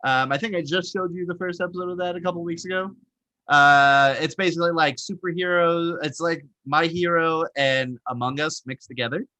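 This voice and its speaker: A man with a bright, forceful voice and a fairly high pitch talks in a casual chat. He recaps stories quickly and with animation. The sound is dry and close. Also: no room sound. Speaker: co-host.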